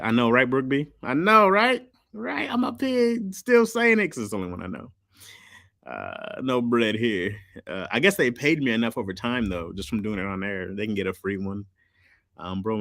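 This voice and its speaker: A man's voice: low-pitched, animated, brisk, vocal fry, no echo, clean studio sound. A man streaming live, chatting casually in loose slang and answering chat. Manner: loose slangy talk, reads chat aloud.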